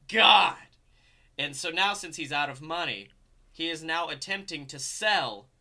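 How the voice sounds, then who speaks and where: A young man with a voice on the high side chats casually, spinning a long story in an animated, rambling manner packed with fillers.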